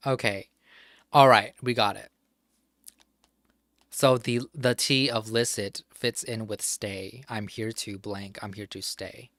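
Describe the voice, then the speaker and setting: This streamer murmurs his way through a crossword game alone, spelling answers letter by letter and swearing occasionally in mild frustration. He speaks fairly low, slowly and steadily, with a slightly bright tone. The recording is dry and studio quality.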